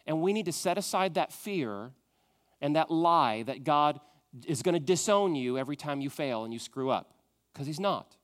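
A man preaching a sermon, moving from loud emphatic questions to a soft, hushed tone. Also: on the high side, expressive, moderate pace. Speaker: pastor.

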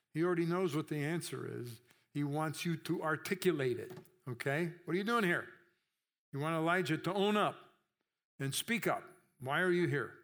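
A man's voice: on the high side, creaky. Conversational male preacher. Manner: conversational, checks in with "okay?", acts out quoted voices. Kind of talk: sermon.

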